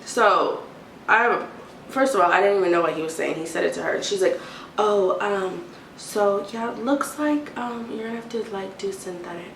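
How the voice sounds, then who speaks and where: A young adult woman telling an exasperated storytime rant, animated and mimicking a timid whisper now and then. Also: mid-range voice, moderate pace. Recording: roomy, distant, faint hiss.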